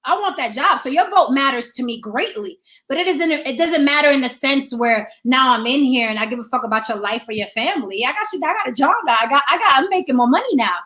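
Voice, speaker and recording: A woman's voice: sits high, lively intonation, fast talker, hardly any pauses, sharp tone. A woman hosting a discussion show, talking in an emphatic, profane way and repeating rhetorical questions to drive her point home. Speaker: podcast host. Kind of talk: opinionated discussion.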